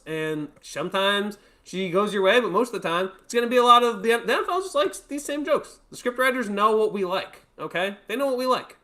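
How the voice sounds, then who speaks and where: Man, sports show host, high voice, rambling sarcastic banter. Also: pushed and bright. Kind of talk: casual sports chat.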